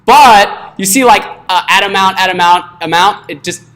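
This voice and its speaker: A man's voice: high-pitched, moderate pace, a bit bright. Casual joking coding instructor, man. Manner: casual, joking, checks in with "right?" often. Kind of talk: live classroom coding lesson.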